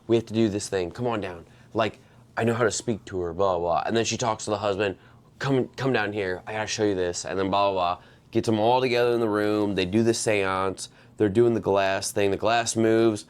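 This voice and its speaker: A man's voice: lowish voice, fairly even intonation, a little fast, smooth. A man co-hosting a casual movie review podcast, retelling the plot and acting out the characters' lines. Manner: retells plot, acts out characters, drops to a hush. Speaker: podcast co-host.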